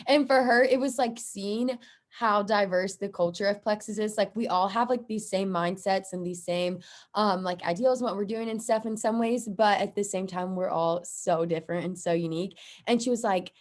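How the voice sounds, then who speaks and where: A woman's voice: medium pitch, normal speed. Bubbly young woman rambling on a video call. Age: young adult. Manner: bubbly and rambling, many likes and ums. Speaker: team member. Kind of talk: casual chat on a video call.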